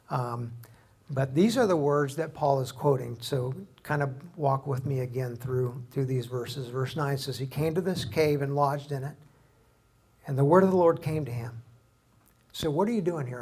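A man preaching a sermon, a pastor who acts out the scripture he quotes with dramatic shifts in loudness. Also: mid-range voice, slightly rough. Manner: dramatic, voices quoted figures loudly.

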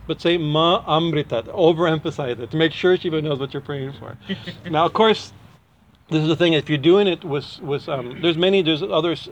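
A man teaching in a chatty devotional talk, often restarting his sentences and chuckling as he explains. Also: a little high. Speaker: spiritual teacher.

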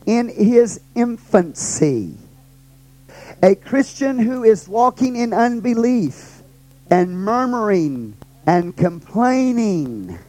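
A man's voice: sits high, darkish tone, poor audio. A middle-aged male pastor teaching a Bible study, emphatic and repetitive, often checking in with rhetorical questions.

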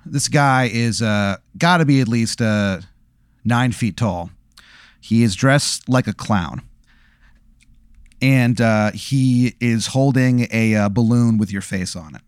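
A man's voice: medium pitch, takes it slowly, smooth, no room sound. A man runs a tabletop game, narrating with many fillers and relishing gory detail. His voice sits mid-range and is recorded dry and close. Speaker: game master.

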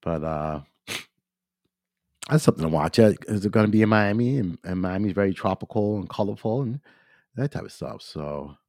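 This solo podcast host delivers a casual, emphatic rant, circling back repeatedly and leaning on fillers. He speaks at a moderate pace in an expressive, lowish, dark-toned voice, recorded at studio quality without any room sound.

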